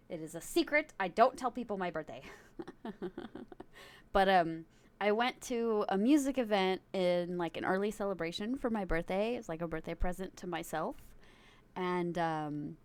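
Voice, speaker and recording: A woman's voice: medium pitch, animated, normal speed, dry recording. A young woman streaming, chatting casually with her viewers, giggling often and rambling from one thought to the next. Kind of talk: casual chat with live chat.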